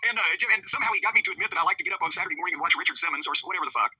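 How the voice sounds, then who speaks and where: A man, telling a long profane story fast and acting out the quotes. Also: high-pitched, pushed and bright, slightly rough, no room sound, rough recording. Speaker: podcast host telling a wrestling story. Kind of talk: profane storytelling, casual chat.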